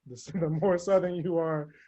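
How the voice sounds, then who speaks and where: A man's voice: a little high, fairly even intonation, normal speed, warm tone. A man hosting a casual podcast debate, summing up and steering the talk. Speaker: host.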